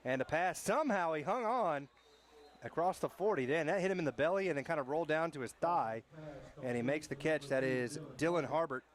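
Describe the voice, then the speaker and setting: A man doing brisk play-by-play commentary on a high school football game. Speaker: play-by-play announcer. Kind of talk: sports commentary.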